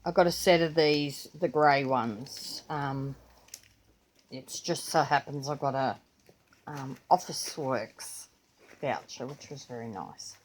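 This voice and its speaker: Slow-talking older Australian woman. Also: rumbling low. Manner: chatty, rambling, yawning. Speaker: vlogger. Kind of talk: casual chat.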